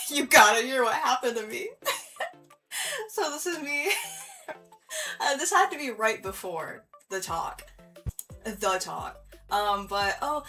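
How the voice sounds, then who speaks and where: A woman's voice: fairly high pitch, bright, forceful tone. A young woman from Michigan chatting through a vlog, giggly and full of fillers as she tells a story. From Michigan, USA. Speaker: vlogger.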